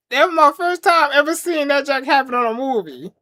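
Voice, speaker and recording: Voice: high-pitched, bright, forceful tone. A show reviewer casually retelling a scene in slangy talk, laughing often and acting out quotes.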